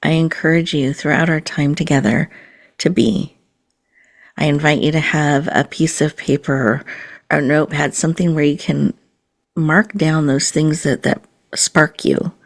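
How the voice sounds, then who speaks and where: A woman podcast host leading a guided mindfulness meditation in a slow, soothing, inviting way. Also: low-pitched, creaky.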